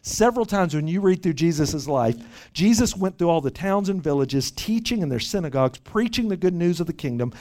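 Animated male preacher. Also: fairly high pitch, a little fast. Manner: animated, repeats words when starting a thought. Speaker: pastor. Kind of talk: sermon. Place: church retreat session.

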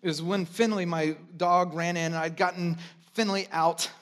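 A pastor delivering an impassioned sermon, repeating phrases for emphasis and swinging between loud, raised passages and hushed, quiet ones. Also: male voice, high-pitched, steady tone. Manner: repeats phrases for emphasis, draws drawn-out quotes.

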